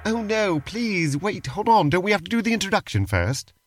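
Man, prim fussy podcast co-host, reluctant, swooping pitch, music underneath. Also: sing-song, moderate pace. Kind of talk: comedic role-play podcast banter. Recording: music playing behind.

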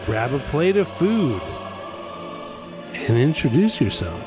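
A man hosting a radio show in casual disc jockey patter, chatty with wry asides and quick self-corrections. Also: medium pitch, big pitch swings. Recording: music playing under the voice. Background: music.

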